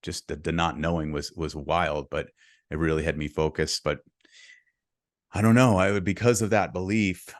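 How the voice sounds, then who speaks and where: A man's voice: low voice, steady tone, normal speed, no room sound, clean studio sound. A middle-aged man, a real estate investor, telling a candid personal story in a podcast interview, earnest and open. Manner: earnest and open, speeds up when reliving the story.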